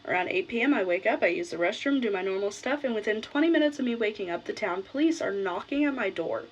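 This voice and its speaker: Young woman vlogger, casual blunt storyteller, middle pitch, slight background noise. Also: expressive, fast, lo-fi sound.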